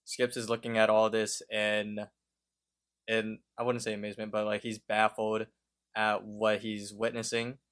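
A man's voice: on the low side, monotone, a little slow, a bit bright. A man co-hosting a podcast in casual chat, talking hesitantly and thinking aloud as he describes a cartoon scene. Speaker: podcast co-host.

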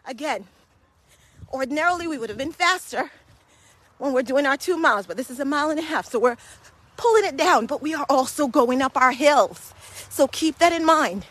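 A woman's voice: sits high, fairly bright tone. A woman guiding a hill walking workout while out of breath, encouraging and motivating listeners as she climbs outdoors. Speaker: fitness coach. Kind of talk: guided walking workout podcast.

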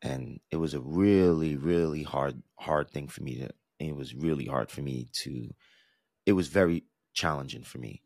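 A man's voice: rumbling low, normal speed, vocal fry, darkish tone, no echo, studio quality. A man in his thirties from the US East Coast, hosting a podcast and telling a personal story in an earnest, reflective way with frequent restarts. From New York–New Jersey area, US East Coast. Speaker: podcast host.

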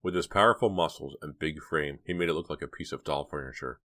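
A man narrating a teen horror novel as an audiobook reading, measured in his storytelling. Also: a bass voice, pushed and bright.

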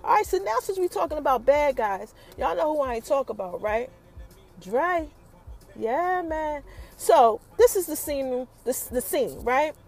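Animated high-voiced woman recapping a show. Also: unhurried, creaky, soft background music. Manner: animated storytelling, acts out characters' quotes, addresses listeners as y'all. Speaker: TV recap host. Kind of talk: casual episode recap.

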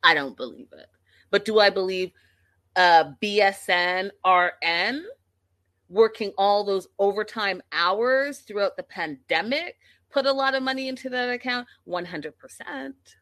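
A woman giving a casual reality TV recap, sassy and animated, talking straight to her viewers. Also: medium pitch, unhurried.

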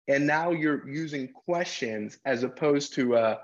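A man speaks in an earnest, reflective way as a podcast guest, sitting at a middling pitch. The sound is a little dull and lo-fi. He acts out courtside exchanges with coaches as he explains himself. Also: a little slow, hardly any pauses. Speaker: guest, basketball referee. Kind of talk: podcast interview.

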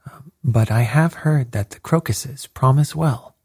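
A man voicing a calm, blandly ironic detective who speaks quietly, with a husky voice. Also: medium pitch, measured pace, no echo, studio quality, voice pushed up. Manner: quiet and unruffled.

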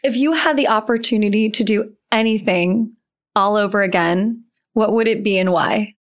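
A woman hosting an interview, asking questions and reacting with eager agreement and laughter. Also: mid-range voice. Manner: enthusiastic, quick to agree and react. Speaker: interview host. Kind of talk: casual interview chat.

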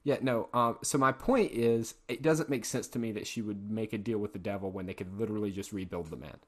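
A man's voice: on the low side, brisk. A man hosting a casual podcast, skeptically quizzing his co-host and chuckling between points.

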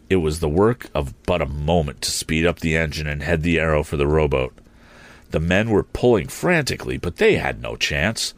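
Deep-voiced man narrating an adventure story. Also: lively intonation, no echo. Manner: measured storytelling reading. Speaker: audiobook narrator. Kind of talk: scripted narration.

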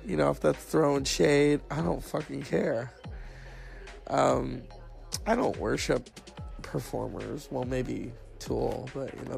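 A man's voice: medium pitch, vocal fry, a little mellow. A man sick with a cough, ranting casually and sarcastically with lots of profanity as the host of a solo talk show. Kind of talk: casual rant.

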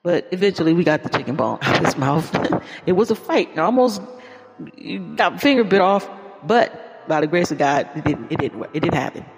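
A man's voice: on the high side, big pitch swings, a little fast. A man preaching an informal podcast sermon in a folksy, exclaiming way, often calling out praise. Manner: folksy, exclaims "Lord have mercy" and "Hallelujah". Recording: long reverb with faint music.

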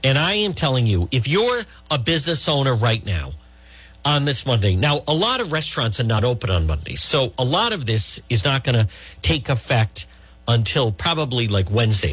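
A man's voice: mid-range voice, a bit bright, husky, dry recording. A middle-aged man hosting talk radio, giving blunt, rambling political opinions with many restarts.

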